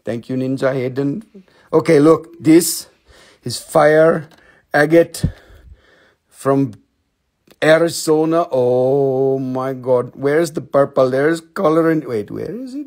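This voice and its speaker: A young man runs a live sales show in a gravelly, fry-heavy voice that sits a little high. He jokes, teases his viewers and swears offhandedly. Now and then he drops into silly put-on voices. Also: lively intonation, a little slow, a little mellow. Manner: joking, teasing, swears casually, swings into silly put-on voices. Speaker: host selling minerals on a live stream.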